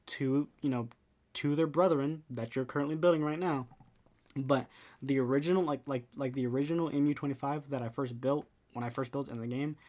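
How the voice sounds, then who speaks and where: A man's voice: medium pitch, dark tone. A man giving casual commentary for a game building tutorial, rambling with many repeated words and restarts.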